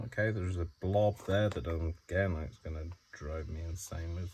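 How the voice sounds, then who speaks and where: Deep-voiced chatty man crafting. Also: fairly even intonation, normal speed, hardly any pauses, darkish tone, slight background noise. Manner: chatty, rambling, self-talking while working. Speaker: craft tutorial host. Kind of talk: casual crafting tutorial.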